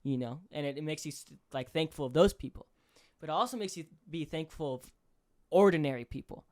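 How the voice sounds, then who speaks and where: A man's voice: a little high, a little fast, darkish tone. A young man co-hosting a podcast, retelling a true crime case in casual chat, swearing constantly and acting out the people he quotes, with lots of fillers. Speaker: podcast co-host.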